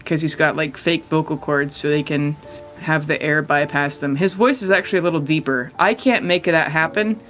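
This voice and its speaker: A game master narrates a tabletop scene in a loose, chatty way, full of small fillers. The voice is bright and clear. Faint music runs underneath. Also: mid-range voice, steady tone, normal speed. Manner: casual storytelling with fillers and laughs.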